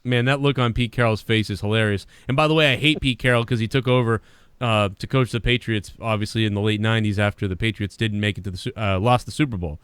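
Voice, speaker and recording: A man's voice: fairly low pitch, fairly even intonation, fast talker, smooth, no room sound. A man co-hosting a casual comedic podcast chat, riffing and laughing as he talks. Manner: laughing, riffs with loud mock voices. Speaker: podcast co-host.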